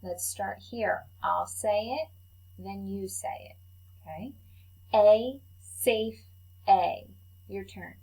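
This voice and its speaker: A woman teaches a phonics lesson to young children at an unhurried pace. She sounds out each letter and syllable with patient, careful enunciation, and her voice sits at a middle pitch. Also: low-quality recording. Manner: slow, patient, clearly enunciated teacher talk.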